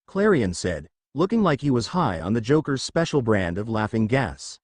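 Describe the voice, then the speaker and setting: Brief: male fan story narrator, animated pitch, dry close sound. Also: moderate pace, few pauses, dry recording. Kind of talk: fan fiction reading.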